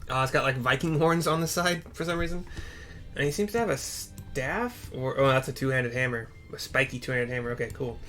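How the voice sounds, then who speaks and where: A man casually commenting on a game quest as he plays, rambling and easily excited. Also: mid-range voice. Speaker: gamer playing through a quest.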